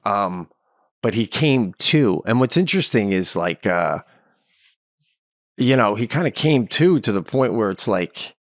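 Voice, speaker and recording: A middle-aged man co-hosting a comedy podcast, talking in an animated way and laughing as he acts out lines in his stories. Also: fairly low pitch, unhurried, no echo, clean studio sound. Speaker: podcast co-host. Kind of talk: casual comedic chat.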